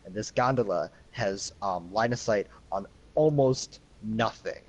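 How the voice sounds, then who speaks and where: Man, esports commentator, low voice, laid-back, dry jokes, casual live casting. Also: a little slow, poor audio.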